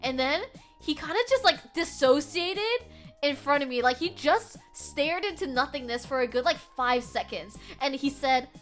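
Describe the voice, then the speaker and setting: A woman's voice: high-pitched, expressive, moderate pace, soft background music. A woman streamer chatting casually and animatedly, laughing often and swearing freely. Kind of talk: casual chat.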